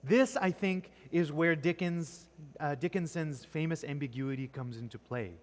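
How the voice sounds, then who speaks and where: A man's voice: fairly high pitch, normal speed. A man teaching a class on poetry in a church classroom. He keeps quizzing the students and ends nearly every point with "right?". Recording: long echoing reverb.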